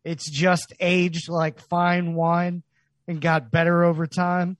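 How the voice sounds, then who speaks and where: A man's voice: on the high side, level tone, slow pace, no echo. A man co-hosting a podcast in casual chat, upbeat and hyped, joking with his friends. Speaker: podcast co-host.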